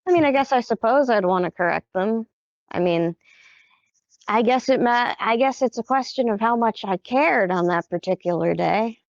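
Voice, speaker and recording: A woman's voice: a little high, animated, moderate pace, no echo. Dry, dismissive woman. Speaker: tabletop role-play player. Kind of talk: in-character role-play chat. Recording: dull, dry recording.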